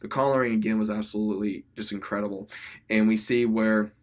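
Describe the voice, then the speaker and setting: Eager, lowish-voiced man recapping an episode. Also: steady tone, a little fast. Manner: rambling retelling, many restarts and "he says"; enthusiastic. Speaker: episode reviewer. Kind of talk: casual recap.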